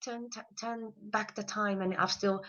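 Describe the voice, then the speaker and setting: A woman with a slight cold chats about a reality show, full of opinions and quick mockery. Her voice is medium-pitched, steady, and a little bright, with dull-sounding audio.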